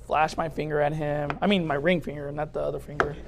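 Animated joking male pastor preaching. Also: fairly high pitch, fast, vocal fry, a little hiss or hum. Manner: animated, joking, speaks straight to the audience. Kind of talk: humorous sermon.

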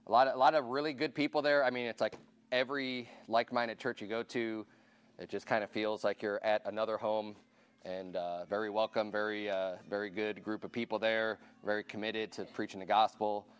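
A man's voice: lowish voice, little pitch movement, brisk, clean tone. A man pastor giving casual church announcements to his congregation, informal and chatty, asking the room questions and counting raised hands.

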